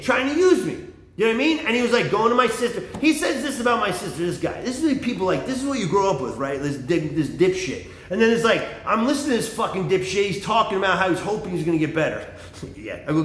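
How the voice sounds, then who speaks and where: A man in his forties rambles through a profane comic monologue in a high, lively voice. He drops into low mumbles and jumps up to shouts, and the room around him rings with echo. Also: quick pace.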